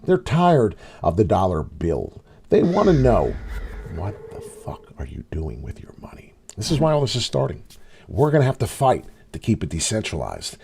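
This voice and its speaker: Brief: middle-aged male market vlogger, medium pitch, very animated delivery, loose and profane. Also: breathy edge. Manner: animated, rambling, swears freely. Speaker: crypto video host. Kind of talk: casual market commentary.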